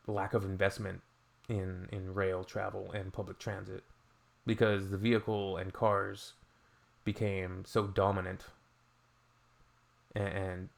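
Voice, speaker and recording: A man's voice: lowish voice, gravelly. A man from Canada, hosting a reaction video with dry, sarcastic asides in casual commentary.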